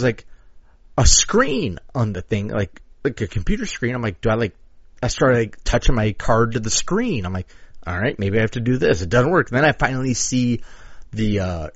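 A man's voice: mid-range voice, breathy edge, no room sound. A man co-hosting a podcast, telling a crude story in casual chat, full of swearing and acted-out quotes. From Chicago area. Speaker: podcast co-host. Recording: dull lo-fi audio.

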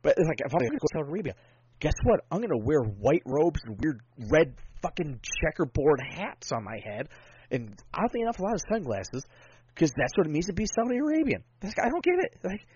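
Guy on a podcast, kinda high voice, swears a lot, goes all over the place. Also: a little fast, breathy edge, muffled recording. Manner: animated, rambling, swears freely. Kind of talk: casual chat.

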